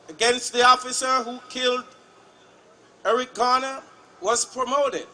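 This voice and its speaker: A male legislator speaking at a protest rally in a deliberate, chant-like way, leading repeated calls. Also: very high-pitched, sharp tone. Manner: slow, deliberate, chant-like repetition. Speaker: state legislator.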